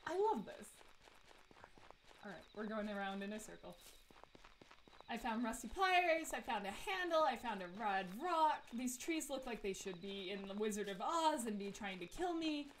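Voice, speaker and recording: Woman, high lively voice, giggly game commentary, faint noise behind. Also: moderate pace. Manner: chatty, giggly, talks to herself and chat. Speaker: streamer. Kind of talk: live let's play commentary.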